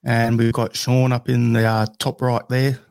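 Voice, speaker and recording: A man's voice: medium pitch, vocal fry, clean tone, dry recording, studio quality. A man from Australia hosting a football podcast, chatting casually with many fillers over an online call. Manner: relaxed, halting with fillers. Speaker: podcast host.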